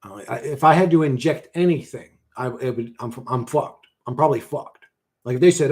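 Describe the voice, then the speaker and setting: A man's voice: medium pitch, fast, a little mellow. A man hosting a casual livestream, reading chat and answering bluntly with lots of swearing and "bro.".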